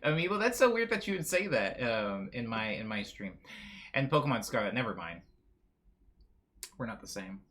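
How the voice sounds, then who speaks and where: Male streamer, bright lively voice, chatty and self-correcting while reading chat. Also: medium pitch, normal speed, pauses often. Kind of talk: casual chat reading viewer messages.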